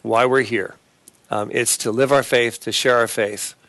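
A man hosting a Christian talk show and preaching, speaking in a halting way with many fillers and restarts. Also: medium pitch, fairly even intonation, creaky, fairly bright tone, dry recording.

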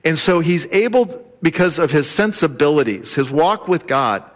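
A male pastor preaching a sermon with animated, humorous storytelling. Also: a little high, normal speed.

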